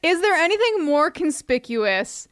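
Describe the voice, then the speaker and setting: A woman's voice: very high-pitched, sing-song, unhurried, fairly bright tone, no room sound, clean studio sound. A woman co-hosting a podcast in casual chat, with a wry, questioning delivery, recorded over a video call. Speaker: podcast co-host.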